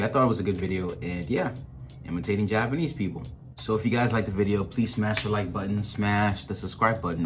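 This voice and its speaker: A man hosting a reaction video, chatting in a casual, opinionated way. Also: sits low. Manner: chatty, opinionated, laughs at own jokes. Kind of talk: casual commentary.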